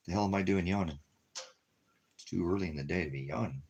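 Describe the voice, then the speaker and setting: Speaking quickly but with long pauses, this ministry vlogger has a low, husky, darkish voice. His rambling, casual monologue drifts between thoughts on money and leaving town, with bursts of baby-talk aimed lovingly at his dog.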